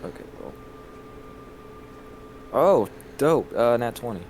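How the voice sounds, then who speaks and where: A man's voice: mid-range voice, big pitch swings, slow pace, a little mellow, a little hiss or hum. A man playing in a tabletop game, laid-back and terse. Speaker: player. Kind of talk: casual tabletop play.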